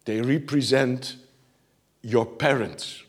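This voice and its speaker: A male preacher giving an animated sermon, laughing often and swinging from shouts to near-whispers. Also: mid-range voice, slow pace, slightly rough.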